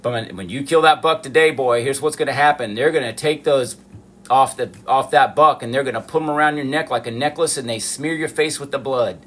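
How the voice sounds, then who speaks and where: A man's voice: mid-range voice, a little fast, fairly bright tone, natural voice. A man voicing his stern hunting father with a Southern US accent, speaking in a commanding, matter-of-fact way.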